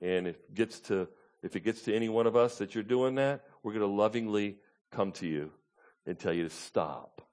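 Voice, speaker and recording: A pastor, preaching a conversational Bible-teaching sermon and often checking in with the congregation with "Okay?" and "Amen?". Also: male voice, on the low side, moderate pace, darkish tone.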